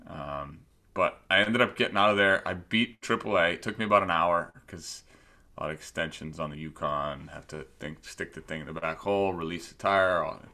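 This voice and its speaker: Deep-voiced joking man on a podcast. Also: fairly quick. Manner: loose, joking, animated storytelling. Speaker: podcast co-host. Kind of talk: casual podcast chat.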